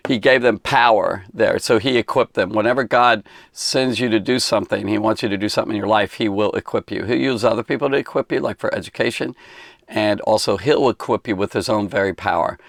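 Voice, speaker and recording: Gravelly low-voiced man teaching Bible. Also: brisk, no room sound, studio quality. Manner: rambling, conversational, many fillers and restarts. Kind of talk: casual Bible lesson for kids.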